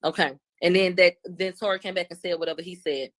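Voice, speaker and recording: Woman commentator, casual animated recap, slangy and loose. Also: lowish voice, fairly quick. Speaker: commentator recapping court testimony.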